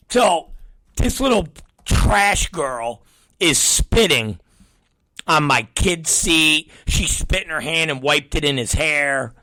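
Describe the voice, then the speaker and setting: The middle-aged host speaks slowly in a slightly high voice on a dry recording. Telling a profane story on his show, he's animated, impersonates the quoted people, and swears constantly.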